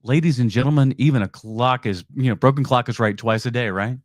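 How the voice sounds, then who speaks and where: A man's voice: mid-range voice, a little fast, hardly any pauses, dry recording, studio quality. A man hosting a movie podcast, reacting bluntly and sarcastically to clips and laughing often. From United States. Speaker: podcast host. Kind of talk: reacting to videos on a live stream.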